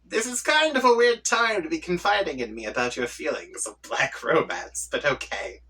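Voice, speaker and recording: A man gives voice to a prickly young troll leader from a webcomic who rants and lectures. His pitch moves in a lively way, and his tone is bright with some husk. He sounds set back from the mic. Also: normal speed, slightly rough, far from the mic, full character voice, low-quality recording. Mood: ranting. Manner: prickly, ranting. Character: irritable shouty young male troll leader.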